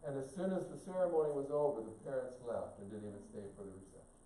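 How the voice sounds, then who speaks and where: A man's voice: animated, quick pace, warm tone, slight background noise. Older man preaching in an echoey church. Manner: storytelling with humor, voices shifting high for quoted people. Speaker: guest preacher. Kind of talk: sermon. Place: church sanctuary. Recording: echoey sanctuary from a distance.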